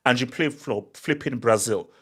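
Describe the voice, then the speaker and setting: A man hosting a casual football chat show, animated and teasing, often repeating words as he cuts in. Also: mid-range voice, moderate pace, husky.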